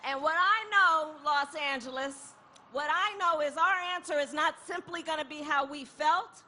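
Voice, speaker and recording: A woman giving an impassioned protest rally speech outdoors, repeating a refrain and building to shouts. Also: high-pitched, normal speed, slight background noise. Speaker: rally speaker.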